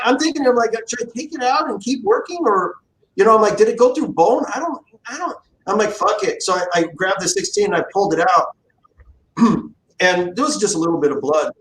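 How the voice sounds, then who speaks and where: A man's voice: a little high, a little hiss or hum. A man hosting a livestream, telling work stories in a casual, profane way and acting out quoted lines. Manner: animated, profane, acts out quotes. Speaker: livestream host, guitar builder. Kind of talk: casual storytelling chat. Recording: roomy echo.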